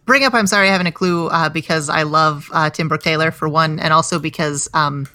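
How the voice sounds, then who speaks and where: An American woman in her thirties, a comedian, chats casually as a podcast guest. Her deep voice is sharp in tone and a little fast, with no echo. She is self-deprecating and restarts often.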